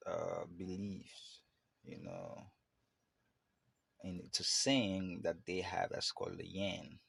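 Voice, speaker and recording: A podcast host with a deep, gravelly voice and a breathy edge rambles loosely through a casual, reflective monologue. He uses lots of fillers and keeps restarting.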